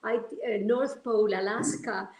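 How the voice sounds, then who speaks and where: A woman from Argentina, sharing personal stories as a guest in a heartfelt, animated way. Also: medium pitch, moderate pace. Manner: heartfelt, animated, many restarts. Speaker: interview guest. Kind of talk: personal storytelling. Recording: roomy echo.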